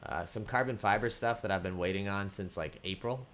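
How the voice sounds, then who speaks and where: A man from the Boston area hosting a casual livestream, relaxed, with many fillers, reading viewer questions aloud and answering them. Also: fairly low pitch, a little fast, a little hiss or hum. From Boston area, United States. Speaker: livestream host.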